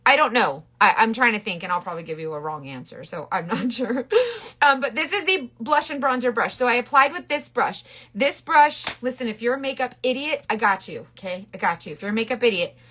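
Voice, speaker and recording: Woman, middle-aged, higher voice, chatty and bubbly live-stream host, rambling delivery. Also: expressive, brisk, bright, forceful tone. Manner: chatty, bubbly, greets viewers by name; rambling with frequent restarts. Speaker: makeup seller doing a live stream. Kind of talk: casual live-stream makeup demo.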